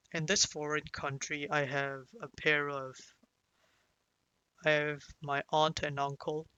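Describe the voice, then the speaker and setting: A man's voice: fairly high pitch, bright, forceful tone, smooth, no room sound, highs cut off. Young man telling a painful story, hesitant. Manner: hesitant, full of restarts and "you know"; sighs and breaks down into whispers at emotional moments. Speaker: vlogger. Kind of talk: personal storytelling.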